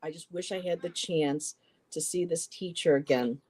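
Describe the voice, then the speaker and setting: A middle-aged man telling a personal story in a halting way, repeating words and quoting what others said. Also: on the high side, darkish tone, husky. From western New York, US. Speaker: poetry show co-host.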